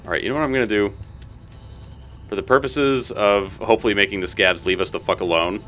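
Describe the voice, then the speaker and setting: A man streaming a game, chatting casually with viewers and talking to the creatures on screen, swearing and excitable. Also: lowish voice, fairly quick, soft background music. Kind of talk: casual gameplay commentary.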